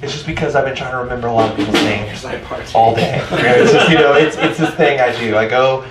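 With a mid-range voice and a brisk delivery, a man emcees a live music night in a library event space, rambling and making self-mocking jokes. The live crowd is audible, and the recording sounds roomy, captured by a mic at a distance.

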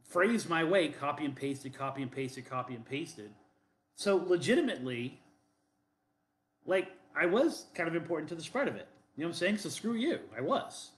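A man's voice: fairly high pitch, sing-song, moderate pace. Male co-host from Boston, rambling and defensive, lots of fillers, roomy echo. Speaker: podcast co-host. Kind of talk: casual chat.

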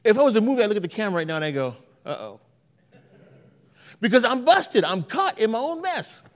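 Lively, high-pitched preacher man. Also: very fast, long reverb tail. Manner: animated storytelling with repeated restarts. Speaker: pastor. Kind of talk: sermon. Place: church sanctuary.

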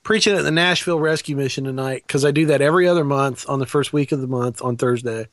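A man's voice: medium pitch, quick pace, dry recording. A man who preaches, rambling through jokes and stories in casual banter. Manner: joking, rambling storyteller. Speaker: preacher and guest.

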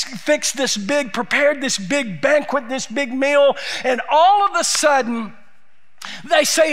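Pastor type, man, very high and sharp voice, lively sermon storyteller who gets loud. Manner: animated storytelling preacher, often raising his voice, frequent "uh" fillers.

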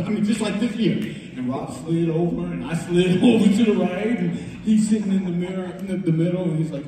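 Animated man telling a story in an echoey hall. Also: sits high, moderate pace, a little hiss or hum. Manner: lively, acts out quotes with voices, laughs often. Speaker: music producer telling a story. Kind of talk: animated storytelling on a talk show. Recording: echoey hall, voice far from mic.

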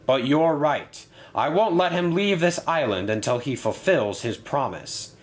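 A man voicing a stern male railway director who speaks in a booming, authoritative way. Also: lively intonation, unhurried. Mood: firm.

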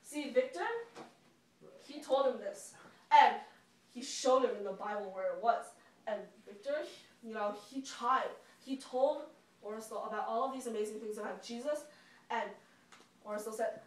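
A woman teacher telling a Bible story to children with lively expression. Her voice is fairly high, and it comes from across an echoing room, recorded from a distance. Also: measured pace, long pauses. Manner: animated storyteller. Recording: echoey room from far off.

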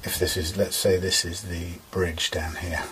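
Low-voiced man explaining guitar repair. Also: flat delivery, a little slow, fairly bright tone, slight background noise, poor audio. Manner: rambling, explains step by step with fillers. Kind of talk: casual workshop tutorial.

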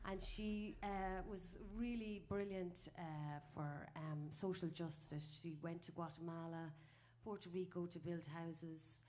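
A woman's voice: fairly low pitch, steady tone, slow, few pauses, a little mellow, a little hiss or hum. Chatty Irish woman talking from a stage. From Ireland. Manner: chatty and rambling, many "uh"s, laughs at her own stories. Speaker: folk singer on stage. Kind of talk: onstage banter between songs. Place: small live music venue.

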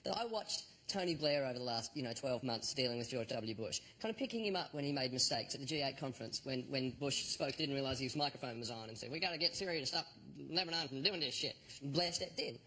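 A man's voice: medium pitch, animated, fast talker, few pauses, a bit bright, rough recording. A man on a comedy panel, telling a self-deprecating anecdote in a chatty storytelling way. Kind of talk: comic storytelling. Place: TV studio with audience.

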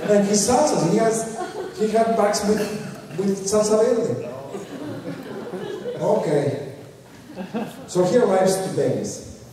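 A man tells anecdotes in a lecture at an unhurried pace. His voice is fairly high and soft, with halting restarts and chuckles between the jokes. He is heard from a distance in an echoey hall with a long reverb and faint room noise. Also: expressive, a crowd in the background. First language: Spanish. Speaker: filmmaker giving a public lecture. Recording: echoey hall recording from afar.

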